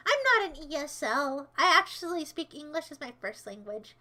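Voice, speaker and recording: A woman livestreamer whose voice sits high and sing-song chats casually with viewers at a moderate pace, rambling, teasing, and mock-defending herself as she answers chat. She'll suddenly shout commands like a pretend villain.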